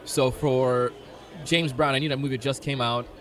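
A man speaking as a guest in casual conversation, quick and loose with fillers. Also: medium pitch, fairly even intonation, fairly bright tone.

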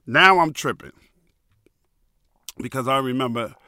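Podcast host guy in his 50s, bright sharp voice, dry sound, slangy storytelling. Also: medium pitch, a little slow, clear, resonant tone, no echo. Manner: animated, loose storyteller with slang. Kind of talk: casual storytelling.

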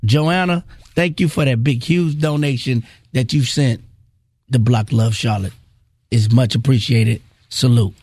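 A man, a radio co-host, giving energetic shout-outs and stretching out his words. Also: mid-range voice, a little slow, husky, no echo, clean studio sound. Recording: music bed underneath.

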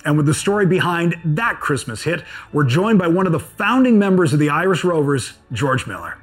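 A man's voice: a little high, big pitch swings, a little fast, husky, faint music behind. A man hosting a show, reading a scripted intro in an upbeat announcer manner. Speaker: podcast host.

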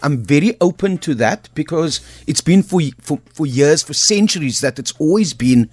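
A male radio co-host with a slightly high voice, recorded close and dry. He talks earnestly and hesitantly, tripping over his words and repeating them as he thinks aloud. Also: lively intonation, moderate pace, darkish tone, slightly rough, no room sound. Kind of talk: casual radio chat.

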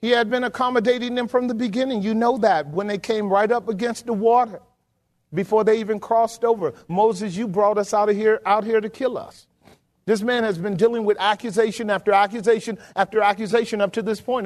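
A middle-aged man preaches a sermon in a church, and his voice sits high. He keeps asking the congregation questions and climbs to loud, emphatic peaks. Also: steady tone, brisk. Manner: call-and-response preaching, rising to emphatic peaks. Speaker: pastor. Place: church sanctuary.

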